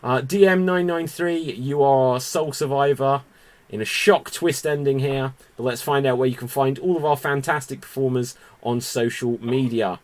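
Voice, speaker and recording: A man's voice: mid-range voice, fairly even intonation, moderate pace. A man hosting a live improv murder-mystery game over a video call, with a theatrical announcer delivery. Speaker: game host.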